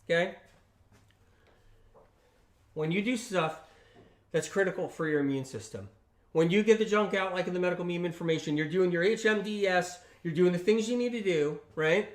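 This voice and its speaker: A man's voice: sits high, normal speed, pauses often. A man hosting a casual livestream, talking emphatically and repetitively, often tagging his points with questions and acting out quoted friends. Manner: acts out quoted friends in lively voices. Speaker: health channel host on a livestream.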